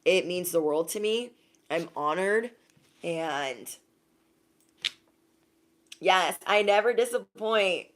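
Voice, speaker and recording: A young woman chatting casually on a livestream as an intuitive reader, animated and laughing often, thanking viewers by name. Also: fairly low pitch, takes it slowly, pauses often.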